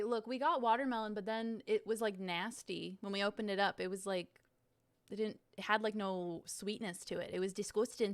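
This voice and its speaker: A woman's voice: medium pitch, dry recording. A young woman streamer in casual chat, reading viewer messages aloud and reacting in a chatty, giggly way.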